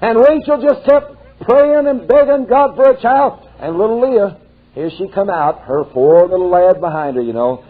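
An older man preaching a folksy, storytelling sermon that climbs into fervent outbursts. His voice is high-pitched and husky. The recording is narrow and tinny, like an old cassette. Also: lively intonation, moderate pace. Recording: tinny lo-fi tape.

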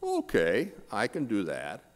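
An older man voicing God as a big voice from the heavens, answering in a deadpan way within a joke. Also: fairly low pitch, unhurried. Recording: long church reverb.

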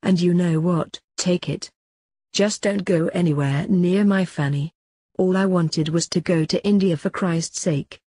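A fed-up woman stallholder, put on by a man in a high falsetto, scolding two squabbling buyers with exasperation. The voice sounds dark and husky and slow, with a dry close sound. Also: no echo. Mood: exasperated. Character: fed-up female stall seller at a car boot.

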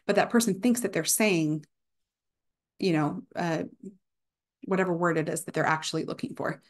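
A woman's voice: on the low side, steady tone, normal speed, long pauses. A young woman giving a casual university guest lecture, with many fillers, now and then acting out examples of speech errors.

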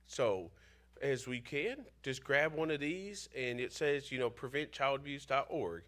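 A man's voice: mid-range voice, lively intonation, unhurried, a bit bright. Congested man giving church announcements. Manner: casual, informal. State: congested from pollen. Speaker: pastor. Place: church sanctuary.

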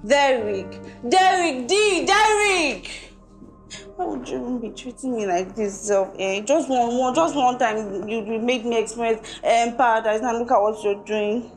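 A woman's voice: a little high, unhurried, faint music behind, natural voice. An actress with a Nigerian English accent playing Laura, a lovesick girlfriend who whines and pleads. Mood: pleading. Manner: pleading, whiny.

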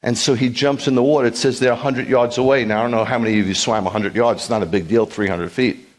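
A man serving as a rabbi, giving an animated sermon with joking asides and acted-out quotes. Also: mid-range voice, fast, slight background noise. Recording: long hall reverb.

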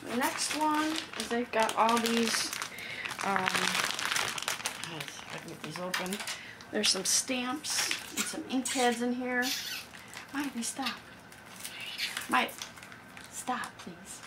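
A woman casually showing off a haul of craft supplies, chatty and excitable, thinking aloud as she unpacks. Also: fairly high pitch, slow pace, heavy background noise. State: out of breath. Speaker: crafting vlogger. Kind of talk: casual thrift haul show-and-tell.

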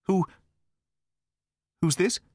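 A man's voice: mid-range voice, very animated, normal speed, a bit bright, no room sound, clean studio sound. A man reading the part of a sly, nervous male naturalist who feigns polite concern, asking probing questions. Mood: wary. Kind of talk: audiobook dialogue reading.

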